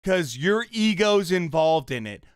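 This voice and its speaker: Young guy streamer, mad and cursing, slow heavy talk, kinda high voice, faint music behind. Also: sing-song, smooth, dry recording, studio quality. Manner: angry, profane, shouts bursts and trails off into mutters. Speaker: streamer reacting to a boxing fight. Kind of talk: live reaction commentary.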